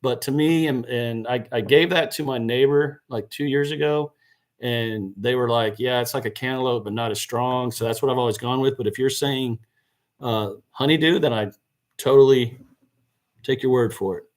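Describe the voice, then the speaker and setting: A man with a medium-pitched voice talks at a moderate pace on a gardening live stream, sitting indoors beside a seed box. As the channel's host, he chats casually, answers viewer questions, and corrects himself along the way.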